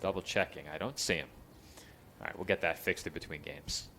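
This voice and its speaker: A man calling play-by-play for a college baseball game, chatty between pitches and lifting his voice for the action. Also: brisk, gravelly, pushed and bright, a little hiss or hum. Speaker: play-by-play announcer.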